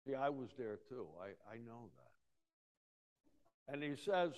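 A man preaching a folksy sermon, acting out Bible scenes with sudden swings from loud to hushed. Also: mid-range voice, lively intonation, takes it slowly, pauses often. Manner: folksy storytelling, acting out voices with big swings of loudness. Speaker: pastor.

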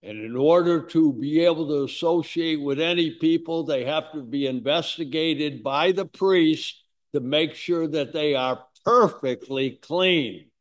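A man's voice: a little high, measured pace. A man preaching a sermon in a folksy, conversational way, with asides to his congregation. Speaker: pastor.

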